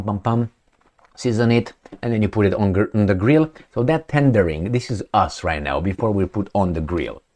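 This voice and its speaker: A man giving sarcastic political commentary with non-native phrasing, animated and fond of mouthing sound effects. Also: lowish voice.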